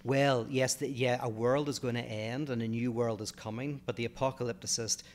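A man's voice: medium pitch, fairly even intonation, fairly quick. A man from Northern Ireland with a Northern Irish accent, co-hosting a casual podcast and talking through philosophical ideas in a thoughtful way, often restarting mid-phrase.

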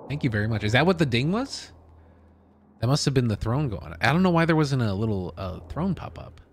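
A man's voice: medium pitch, normal speed. A young man streaming a game live, chatting, swearing a lot and yelping when startled. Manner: excitable, swears a lot, yelps in fright. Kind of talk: live gaming commentary.

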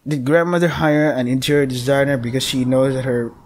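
A man's voice: mid-range voice, steady tone, a little fast, slight background noise. A man casually commenting while playing a game, rambling and joking with frequent swearing. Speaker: let's play gamer.

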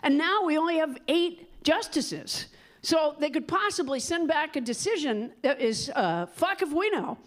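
A middle-aged woman doing stand-up, chatting with the crowd in a wry, halting way that keeps interrupting itself. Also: high voice, lively intonation, slight background noise. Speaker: stand-up comedian hosting. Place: comedy club stage. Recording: live club with audience. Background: crowd laughter.

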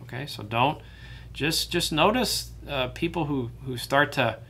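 Male pastor type, bright tone, relaxed teaching delivery full of ums and restarts. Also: a little high, unhurried, breathy edge. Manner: conversational, with many fillers and restarts. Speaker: pastor leading Bible study. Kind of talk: teaching a Bible study.

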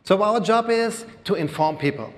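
A man's voice: high-pitched, animated. German-accented man talking in a large hall. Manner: halting, many fillers, plain explanatory. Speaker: presenter at a conference. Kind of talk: live talk to an audience. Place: large hall before an audience. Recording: long reverb of a large hall.

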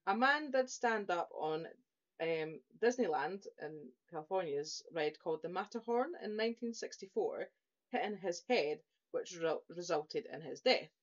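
A woman's voice: on the low side, lively intonation, a little slow. A woman co-hosting a podcast, chatting casually and telling stories with easy laughter. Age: adult, a mother. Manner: chatty storyteller, laughs easily. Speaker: podcast co-host presenting the episode. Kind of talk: casual chat. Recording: dull lo-fi podcast audio.

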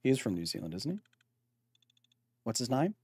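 A man's voice: mid-range voice, very animated, moderate pace, darkish tone, breathy edge, no echo. A man hosting a live game stream, rambling and joking with his chat as he plays. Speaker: streamer and science host.

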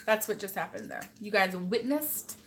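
Bright, chatty mom hosting a stream. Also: female voice, medium pitch, moderate pace, gravelly, slight background noise. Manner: chatty, scolds her child between comments. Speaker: host and mother. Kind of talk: casual live-stream chat reading viewer comments.

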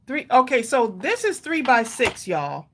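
A woman's voice: fairly high pitch, sing-song, measured pace, a bit bright, husky. A woman hosting a live crafting tutorial, chatty and laughing as she talks straight to her viewers. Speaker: craft livestream host.

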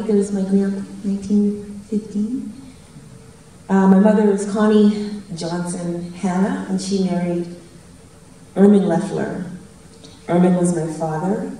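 A woman's voice: fairly low pitch, dark tone, slight background noise. Woman speaking in an echoey hall. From Canada. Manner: chatty and anecdotal, laughing at her own jokes. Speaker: guest speaker. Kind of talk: public storytelling speech. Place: large event hall. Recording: very echoey hall from a distant mic.

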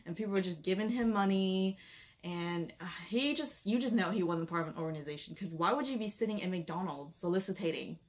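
A woman's voice: fairly low pitch, lively intonation, fairly quick. A young woman vlogging in casual chat, rambling with lots of filler words as she warns viewers to be careful. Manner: chatty, rambling with many "like" and "um" fillers, giving cautionary advice. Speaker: travel vlogger.

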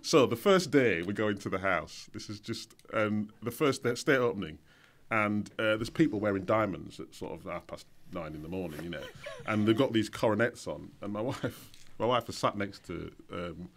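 A man's voice: lowish voice, lively intonation, moderate pace. A middle-aged man guest-hosting a radio show in the studio, chatting casually, laughing often and trailing off into fillers.

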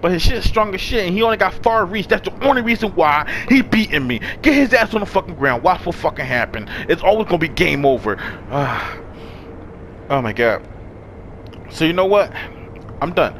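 Young man yelling over a hard boss fight. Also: animated, normal speed, a little hiss or hum. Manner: yelling, cursing, high-pitched shrieks when panicked. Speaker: gaming streamer. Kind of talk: frantic gameplay commentary.

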